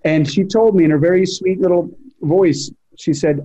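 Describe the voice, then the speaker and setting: Director guy telling a story from the set, kinda higher voice, mellow, muffled audio. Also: normal speed. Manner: animated anecdote teller, quotes himself. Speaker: film director. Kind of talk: casual interview storytelling. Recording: dull lo-fi sound.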